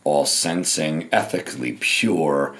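Hoarse, scratchy-voiced man hosting a podcast. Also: takes it slowly, a bit bright. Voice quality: scratchy, low voice. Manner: emphatic, piles up repeated phrases. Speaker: podcast host. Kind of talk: opinionated political commentary.

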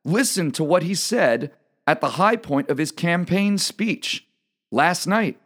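An emphatic man delivers a political commentary monologue with a lively, swinging pitch. He repeats himself for emphasis and talks straight to his listeners. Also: slow. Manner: emphatic, repetitive, addresses audience directly.

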